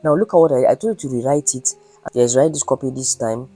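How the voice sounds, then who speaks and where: A man's voice: mid-range voice, fairly quick, dark tone, soft background music. A man teaching online marketing step by step. He repeats his points and checks that viewers follow. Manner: instructive, repeats points and checks "you understand?". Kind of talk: screen-recorded tutorial.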